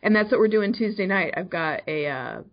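A woman's voice: medium pitch, lively intonation, fairly quick, muffled recording. A woman who works in early childhood education, talking earnestly on a podcast about play and learning. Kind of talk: casual podcast chat.

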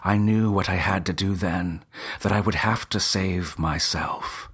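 A man narrating a first-person story in a measured, dramatic way with a husky voice. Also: deep voice, a bit bright.

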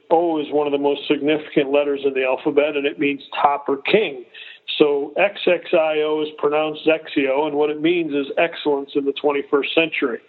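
50s guy on a phone line, kinda high voice, explains stuff, lots of restarts. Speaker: golf company executive guest. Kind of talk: casual interview.

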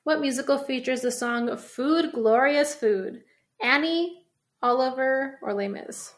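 A young woman co-hosting a casual podcast, reading quiz questions aloud slowly and laughing often. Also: high voice. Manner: playful, laughs often, slows down to read questions. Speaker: podcast co-host.

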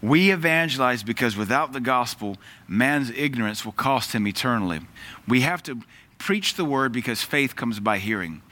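A man's voice: mid-range voice, lively intonation, moderate pace, pushed and bright. A man preaching a sermon in an earnest, emphatic way, quoting scripture.

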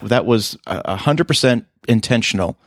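A man hosting a podcast in casual chat, telling a story with animation and leaping high in pitch when he quotes people. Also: lively intonation, moderate pace, dry recording, clean studio sound. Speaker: podcast host.

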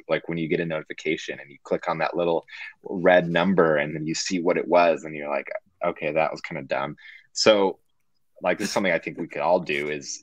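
A man co-hosting a podcast, talking in a relaxed, loose way with many fillers in a casual chat. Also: a bass voice, no echo. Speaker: podcast co-host.

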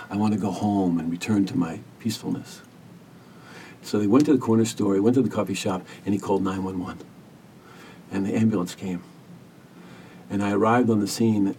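A man speaks in a low, gravelly, mellow voice, and he tells a hospice story gently and earnestly. He sits a little off the mic, with a faint rumble underneath. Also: far from the mic. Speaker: hospice caregiver, podcast guest. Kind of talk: reflective storytelling interview.

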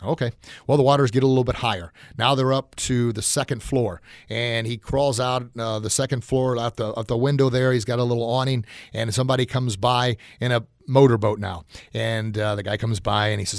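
A man hosts a motivational podcast in a folksy, encouraging manner, full of fillers. His voice sits at a middle pitch and sounds dry and close to the mic. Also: steady tone, brisk, dry recording. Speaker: podcast host. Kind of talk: motivational talk.

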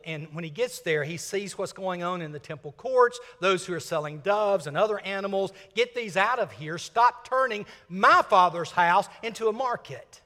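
An older man from Mississippi, preaching a sermon and swinging from loud emphasis to hushed, whispered lines. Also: high voice, in a large hall. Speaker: senior minister.

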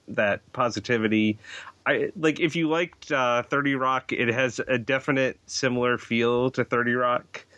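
A man's voice: mid-range voice, fairly bright tone, no room sound. Chatty male guest full of filler words. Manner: filler-heavy, chatty recommending with many "like"s. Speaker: podcast guest. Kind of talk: casual podcast chat.

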